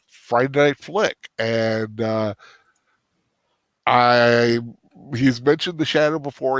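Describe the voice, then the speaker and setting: A man hosting a casual post-movie chat, rambling and halting with lots of restarts and fillers. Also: mid-range voice, no echo. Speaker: host.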